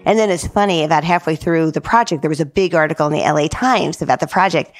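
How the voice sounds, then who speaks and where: A middle-aged woman from New Jersey, a guest telling stories in an animated, chatty way, often saying "like". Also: sits low, fast talker, soft background music. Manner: lively, says "like" often, acts out quoted dialogue. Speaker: guest, public art director. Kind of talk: animated storytelling in casual chat.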